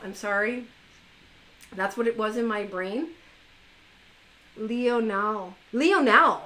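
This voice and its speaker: A woman's voice: a little high, low-quality recording. A woman hosting a live stream, chatting casually in a playful, teasing way with her viewers.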